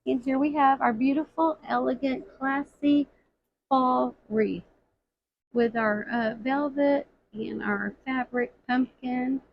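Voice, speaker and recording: A woman walks viewers through making a wreath in a chatty, unhurried way, often repeating small phrases as she works. Her voice sits a bit high, with a gravelly edge. The recording is slightly dull, with faint noise behind her. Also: fairly even intonation. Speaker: floral craft instructor. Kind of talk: casual craft tutorial. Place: craft workroom at a table.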